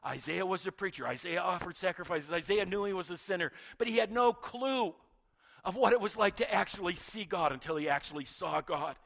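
Male pastor, high voice, dramatic sermon delivery with loud and hushed turns. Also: brisk, gravelly. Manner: dramatic swings from loud to hushed, repeats words.

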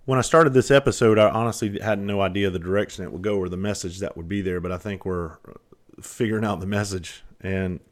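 A man's voice: sits low, brisk. A middle-aged man hosting a podcast, talking candidly and profanely as he tells stories from his firefighting life. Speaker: podcast host, former firefighter. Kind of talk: casual podcast monologue.

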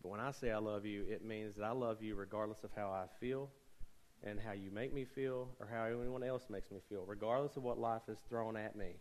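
A man's voice: lowish voice, fairly even intonation, fairly quick, a little mellow, poor audio. A young man preaching a sermon as pastor, conversational with joking asides and rising emphasis.

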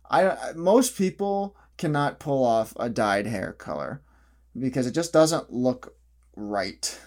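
A young man in a casual, opinionated vlog monologue who rambles, restarts often and laughs at his own jokes. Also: fairly high pitch. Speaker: vlogger.

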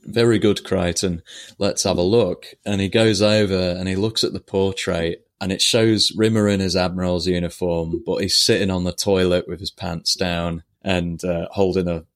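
A podcast co-host recaps a TV episode in casual chat, retelling scenes and acting out quoted lines in put-on voices. His voice sits low with a level tone, at normal speed with few pauses.

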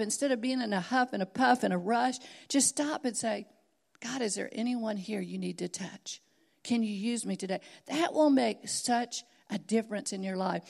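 A woman's voice: on the high side, creaky. A middle-aged woman preaching a sermon, telling stories earnestly and building to emphatic exhortation.

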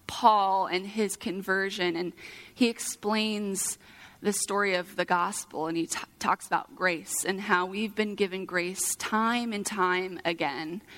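Young woman giving a sermon, bright clear voice, earnest, kinda conversational with ums. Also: medium pitch. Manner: earnest, personal storytelling with fillers. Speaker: preacher.

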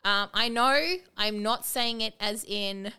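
A woman's voice: mid-range voice, slow, bright, forceful tone, clean tone. A woman co-hosting a podcast, chatting casually and animatedly as she recaps a TV show and quotes its characters. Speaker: podcast co-host.

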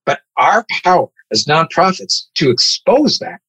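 A man who leads an advocacy group, telling war stories in a casual, animated and profane way. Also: high voice, measured pace, breathy edge, no room sound, rough recording. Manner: animated, profane, emphatic storyteller. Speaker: nonprofit advocacy leader. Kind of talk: casual podcast storytelling.

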